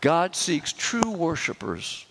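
A man preaching a sermon as pastor, slowing down and pressing hard on key phrases. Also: on the high side, big pitch swings, fairly bright tone, a little hiss or hum. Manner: emphatic, slows and rises on key phrases.

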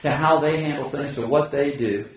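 Echoey, animated man preaching a sermon. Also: moderate pace. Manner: animated preaching, swinging between loud high exclamations and low quiet asides. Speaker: pastor. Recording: echoey hall, dull lo-fi sound.

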